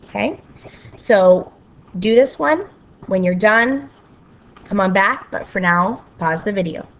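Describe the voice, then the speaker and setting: A woman teacher talks her students through a recorded math lesson at an unhurried pace. She checks in with an okay at each step and explains patiently. Now and then she slips into a playful sing-song. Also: medium pitch, expressive. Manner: slow, patient explaining with frequent okays.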